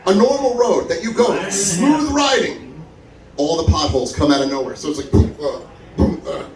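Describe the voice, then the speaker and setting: A man telling a stand-up story at a comedy club open mic, acting out the people he quotes with big jumps in his voice. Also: moderate pace. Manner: animated, acts out quotes with big pitch jumps. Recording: echoey room, mic from far, crowd audible. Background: audience laughing.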